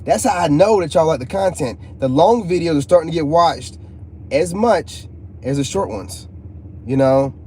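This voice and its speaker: A man's voice: a little high, lively intonation, moderate pace, dark tone, slight background noise. A man, hosting a casual live stream, joking and reading chat aloud. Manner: joking, laid-back, reads chat aloud. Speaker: channel host talking to live chat.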